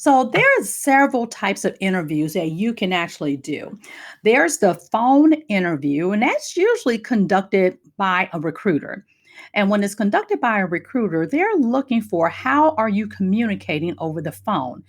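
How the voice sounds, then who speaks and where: A middle-aged woman career coach giving an energetic talk on job interviews, her voice moving up and down. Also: medium pitch, normal speed. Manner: energetic, lively up-and-down delivery.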